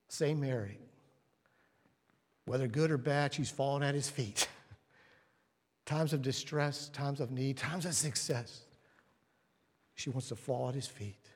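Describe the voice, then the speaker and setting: A man preaching a sermon, telling stories and acting out the voices in them, moving from hushed whispers to loud, emphatic lines. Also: medium pitch, slow, pauses often, slightly rough. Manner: storytelling, acts out quoted voices. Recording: long reverb of a large hall.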